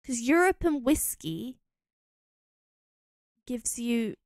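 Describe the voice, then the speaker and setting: A Scottish woman streams a game and muses aloud as she tries out combinations, thinking casually while she plays. Her voice sits a little high, with big pitch swings and drawn-out words.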